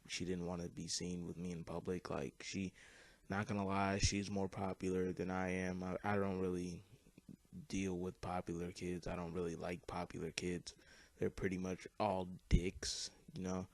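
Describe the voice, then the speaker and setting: A man's voice: deep voice, completely flat delivery, moderate pace, no echo. A teenage boy telling a personal story in a rambling, casual way over gameplay, with lots of fillers and swearing. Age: teens. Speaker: YouTube commentator.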